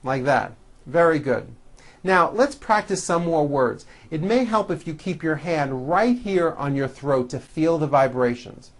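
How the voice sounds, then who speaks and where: An English pronunciation teacher, leading drills and reading practice sentences in a deliberate, carefully articulated way. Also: mid-range voice, expressive. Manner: slow, deliberate, clearly articulated drilling of words. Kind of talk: recorded English pronunciation lesson.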